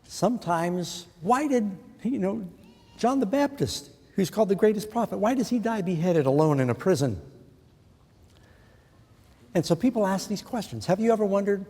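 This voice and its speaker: A man's voice: sits high, expressive, normal speed, darkish tone, husky. Man preaching in a reverberant hall. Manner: earnest, asks the listeners questions. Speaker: pastor. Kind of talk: sermon.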